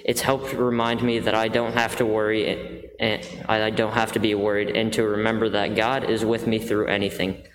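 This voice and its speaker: Flat-voiced man in an echoey room. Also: fairly low pitch, normal speed, few pauses. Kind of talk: reading a scripture verse and short testimony. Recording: echoey, reverberant room with faint noise.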